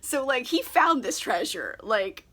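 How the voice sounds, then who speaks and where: A tipsy woman vlogger rambles through a casual book recap. She is irreverent, swearing and giggling as she goes. Her voice is high, bright and sharp. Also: sing-song, unhurried, breathy edge.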